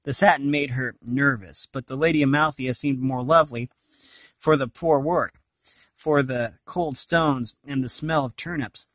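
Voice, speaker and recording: A man reading a fantasy novel aloud in a plain, unhurried way, with frequent slips and restarts. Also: mid-range voice, fairly bright tone, dry recording. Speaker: reader.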